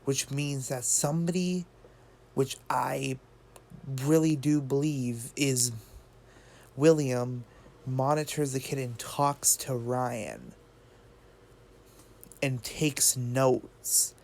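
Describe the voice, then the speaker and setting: A man's voice: mid-range voice, very slow, gravelly, long pauses, a little mellow. A man talking casually about a video game theory. He rambles and thinks aloud, often restarting and adding fillers. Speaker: gaming video creator.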